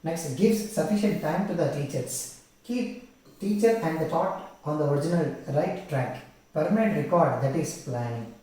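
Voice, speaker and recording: A man takes a class through exam questions, going back over each key term. His voice sits a little high and has a mellow tone. He is heard from some distance in a very echoey room. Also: normal speed. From India. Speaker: English teacher. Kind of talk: exam-prep lecture.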